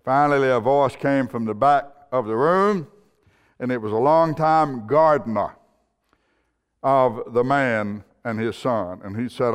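A man preaching a sermon in a church, telling a story earnestly. His voice is clear and resonant, and a long hall reverb trails each phrase. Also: medium pitch, unhurried. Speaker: pastor.

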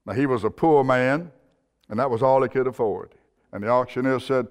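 A man preaching a sermon in a church, telling a story earnestly. His voice is clear and resonant, and a long hall reverb trails each phrase. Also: medium pitch, moderate pace. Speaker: pastor.

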